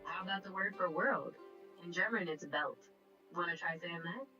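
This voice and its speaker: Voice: mid-range voice, moderate pace, pushed and bright, husky, distant mic, dull audio, soft background music. A text-to-speech assistant voice coaching a player through pronunciation, cheerful, patient and encouraging. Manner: upbeat, encouraging, patient teacher. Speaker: AI voice assistant co-host. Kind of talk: language tutoring chat.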